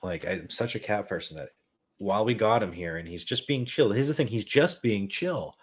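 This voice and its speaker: A man's voice: on the low side, animated, moderate pace, breathy edge. A man hosting a podcast, telling a rambling, self-mocking, profane story in a casual comedic way. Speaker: podcast host.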